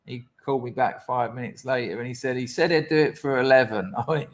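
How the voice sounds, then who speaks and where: A man's voice: mid-range voice, fairly quick. Guy on a podcast, blunt and sweary, does the voices of people in his stories. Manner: blunt, sweary storytelling, acts out quoted voices. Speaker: podcast guest. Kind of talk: candid storytelling interview.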